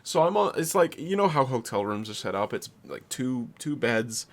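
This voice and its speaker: A man's voice: medium pitch, big pitch swings, moderate pace. Young guy on a podcast telling a story, rambly, swears a lot, laughs into it. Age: young adult. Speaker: podcast co-host. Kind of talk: casual storytelling.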